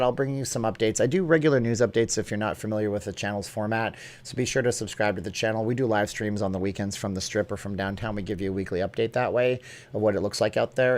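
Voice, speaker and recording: A man hosting a casual live stream, chatting and joking as he answers viewer comments off the cuff. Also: lowish voice.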